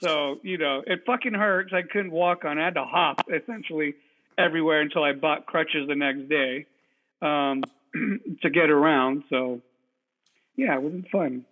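A man co-hosting a podcast, telling an animated, profane story in casual chat. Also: a little high, a little slow. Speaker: podcast co-host. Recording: tinny phone-like sound.

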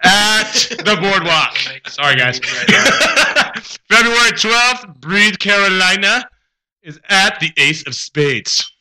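A man's voice: high voice, animated, slow, sharp tone, rough recording. A man in a band reading out concert listings on a radio show, laughing often and tripping over names. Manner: giggly, stumbles over names.

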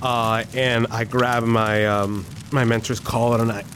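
A man's voice: mid-range voice, flat delivery, measured pace. A man with a mid-range voice plays his character in a tabletop role-playing game. He talks hesitantly and emotionally, stumbling through fillers and restarts as he decides what to do. A faint noise runs behind him. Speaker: player.

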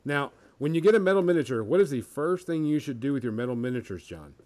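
A man's voice: medium pitch, lively intonation, fast talker, a little mellow. A man hosting a casual hobby podcast, talking loosely with many fillers and restarts. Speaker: podcast host.

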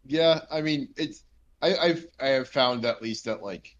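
A man's voice: medium pitch, unhurried. Rambling young man with a dull-sounding mic. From New Jersey. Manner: rambling, many fillers. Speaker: podcast co-host. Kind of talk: casual chat.

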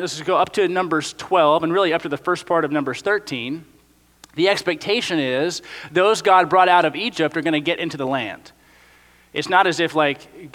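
Brief: young male pastor, high bright voice, hall reverb, chatty sermon style. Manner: casual, animated storytelling with frequent "like".

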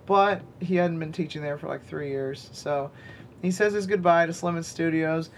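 A man's voice: on the high side, normal speed, slight background noise. A man co-hosting a podcast in casual chat, teasing and joking, playing devil's advocate. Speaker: podcast co-host.

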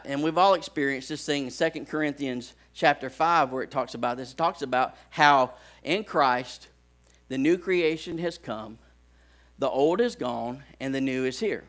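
A man's voice: medium pitch, normal speed. A man, a pastor preaching a sermon in a folksy storytelling way in a church. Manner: folksy storytelling, animated when acting out scenes. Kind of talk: sermon with personal stories.

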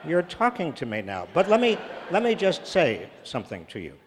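A man's voice: a little high, wildly swooping pitch, moderate pace, a little hiss or hum. A man speaking at a public talk and answering audience questions, earnest and emphatic, repeating phrases for stress. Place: large church hall. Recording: reverberant church hall.

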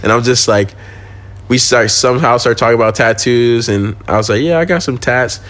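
A young man telling a story on a podcast in loose street slang, cursing and laughing as he goes. His voice sits in an ordinary middle pitch and he speaks casually. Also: normal speed, fairly bright tone. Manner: slangy, swearing, laughs while telling stories. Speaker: podcast guest.

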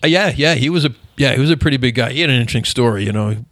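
A man in his fifties, a podcast guest telling stories in an animated, chatty way and often checking in with "you know what I mean". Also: mid-range voice, no room sound, studio quality. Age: 50s. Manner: animated, quick storyteller who keeps asking "you know what I mean". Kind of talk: casual storytelling.

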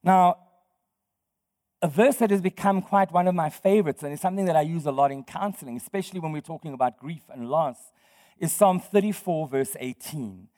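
A pastor preaching a sermon in a conversational way, quizzing the congregation and laughing often. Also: male voice, on the high side, fairly quick, mellow. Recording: long hall reverb.

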